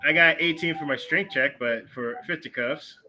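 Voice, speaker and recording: A man playing in a tabletop game, brash and quick-tempered. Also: on the high side, sharp tone, faint music behind. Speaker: player.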